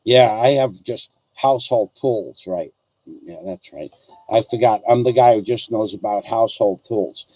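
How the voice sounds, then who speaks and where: A man's voice: on the low side, moderate pace, hardly any pauses, dark tone, no room sound. Rambling middle-aged man with a dry voice. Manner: rambling, repeats himself while telling stories. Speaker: host reading viewer comments. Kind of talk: casual storytelling chat.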